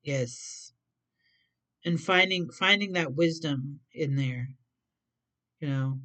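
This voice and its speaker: Slow, rambling tarot reader. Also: medium pitch, bright, forceful tone. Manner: rambling, repeats and plays with words, trips over some. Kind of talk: casual tarot card reading.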